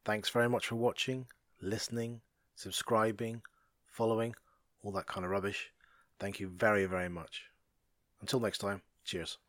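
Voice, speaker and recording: A man's voice: lowish voice, flat delivery, normal speed, fairly bright tone, no room sound, studio quality. A man playing a tabletop game who also hosts the show, speaking in an easygoing, informal way. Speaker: player and show host.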